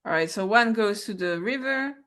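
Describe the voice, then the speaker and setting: A woman playing a tabletop game, talking in an animated, hesitant way and often exclaiming. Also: mid-range voice, normal speed. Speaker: player.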